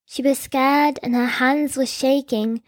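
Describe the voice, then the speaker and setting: Woman storyteller, high pitch, close dry sound, scripted narration with wry asides. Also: fairly even intonation, a little slow, no room sound.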